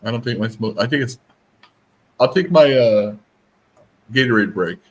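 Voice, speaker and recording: A man's voice: mid-range voice, lively intonation, normal speed, rough recording. Joking man chatting casually. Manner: joking, playfully acts out voices in stories. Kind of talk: casual chat.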